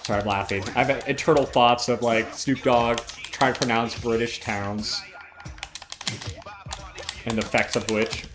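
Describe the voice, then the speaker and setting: A man's voice: medium pitch, steady tone, unhurried, pauses often, music in the background. Chatty man with a Chicago accent. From Chicago, USA. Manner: chatty and profane, with loud outbursts at the game. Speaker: gaming livestream host. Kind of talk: casual chat while playing a fighting game.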